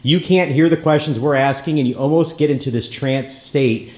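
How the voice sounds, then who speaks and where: A man's voice: on the high side, moderate pace, darkish tone, echoey room. A man hosting a paranormal investigation, explaining things to the group and to viewers. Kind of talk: investigation vlog chat. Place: large abandoned asylum building indoors.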